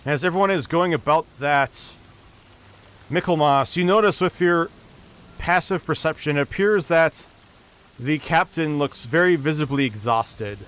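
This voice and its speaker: Clear-voiced man running a tabletop game. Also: a little high, a little slow. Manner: steady storytelling with small restarts. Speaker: dungeon master.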